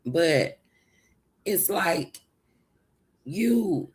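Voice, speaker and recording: This woman hosts a livestream, talking casually in a Southern US country accent and meandering as she responds to her chat. She has a lowish, expressive voice with drawn-out words and a just-woke-up sleepiness.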